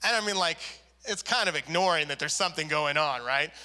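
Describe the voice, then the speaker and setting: A male pastor tells a personal story in a sermon, animated and expressive. His voice sits high for a man and sounds very bright and forward. He slips into quoted voices as he goes. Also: brisk. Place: church service.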